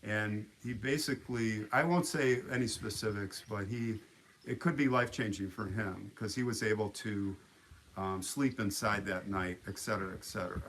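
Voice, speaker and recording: A man hosting a livestream, telling a story in a casual, animated way with frequent restarts. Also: lowish voice, moderate pace, slight background noise. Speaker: livestream host.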